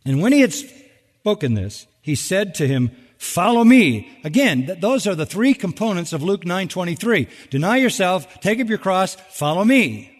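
A man preaching a sermon as pastor, animated, acting out quoted voices with big jumps in pitch and sarcastic emphasis. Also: normal speed, big-room sound.

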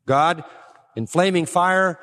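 A man preaching a sermon emphatically, pressing some words hard and dropping low and slow on others. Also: fairly bright tone. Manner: emphatic, swings between raised stresses and low, slow drops. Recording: long reverb of a large hall.

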